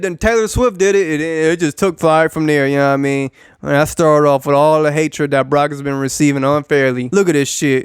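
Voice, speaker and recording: A man's voice: a little high, clean tone, dry recording, clean studio sound. A young adult man ranting about sports as a YouTube commentator, casual, sarcastic and profane, repeating phrases for emphasis.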